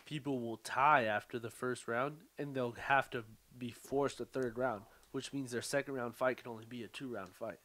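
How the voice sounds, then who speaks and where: A man's voice: medium pitch, fairly even intonation, normal speed, hardly any pauses, bright, forceful tone. A man co-hosting a podcast, chatting casually in a laid-back, profane way and laughing often. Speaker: podcast co-host. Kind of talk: casual chat.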